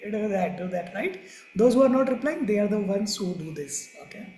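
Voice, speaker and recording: A man's voice: sits high, expressive, fairly quick, a little mellow. A man, a child psychologist giving a live lecture to parents, who chuckles often and acts out what children and parents say. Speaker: child psychologist teaching a course. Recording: echoey room with faint background noise.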